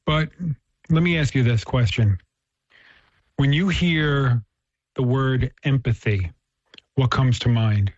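A mid-range male voice, slow and broken by long pauses, works earnestly through faith concepts and a story during a casual chat. He keeps restarting his thoughts, and the lo-fi audio is dull and dry.

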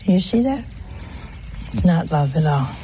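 A woman's voice: on the low side, very animated, a little slow, warm tone, slight background noise, low-quality recording. A woman giving a homely, conversational sermon, teasing her listeners with rhetorical questions. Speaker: religious teacher.

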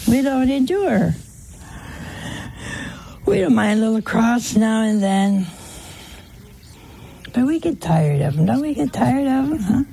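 A woman's voice: fairly high pitch, big pitch swings, slow pace, gravelly, long pauses, mellow, slight background noise. A woman giving an informal sermon, teasing her listeners with rhetorical questions and humorous anecdotes. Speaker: religious teacher.

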